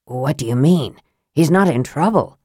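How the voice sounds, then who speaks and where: A woman voicing a frail, guarded young male mage who speaks quietly, tersely and sharply. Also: low-pitched, expressive, moderate pace, breathy edge, no room sound, studio quality, voice pushed down.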